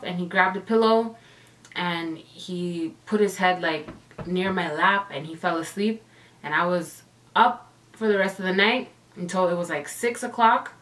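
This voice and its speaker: A woman telling her own ghost story as a casual storytime vlog, emotional and dramatic, with sighs and exclamations. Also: medium pitch. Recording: voice a bit distant from the mic.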